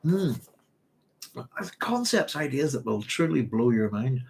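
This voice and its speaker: A man's voice: medium pitch, very animated, a little slow, gravelly, husky. A man hosting a live chat, rambling and hesitant as he reads out viewer comments. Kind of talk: casual live-stream chat.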